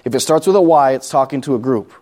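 A man's voice: mid-range voice, animated, quick pace, dark tone. A man preaching a conversational sermon, repeating key points and asking the congregation questions.

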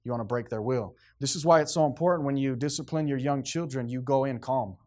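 A man's voice: medium pitch, fast, darkish tone. A man preaching a sermon in a stern, emphatic, plainspoken way, repeating phrases to drive his points home.

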